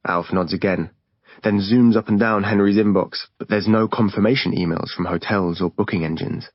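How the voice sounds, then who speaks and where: A man narrating an audiobook in a steady, plain storytelling manner. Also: fairly low pitch, normal speed, no room sound. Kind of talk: scripted narration. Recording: dull dry lo-fi recording.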